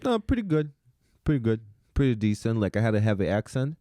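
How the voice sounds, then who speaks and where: A man's voice: on the low side, sing-song, a little fast, warm tone, no room sound, studio quality. A man chatting loosely in a casual podcast conversation, often using "like" and trailing off mid-phrase.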